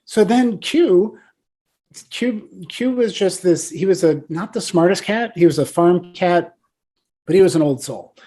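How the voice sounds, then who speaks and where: A man's voice: high-pitched, animated, unhurried, warm tone. A man in his forties, a guest on a podcast interview, talking casually and telling stories with lots of "you know" and "right?". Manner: chatty storyteller, frequent "you know" and "right?". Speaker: guest, software founder.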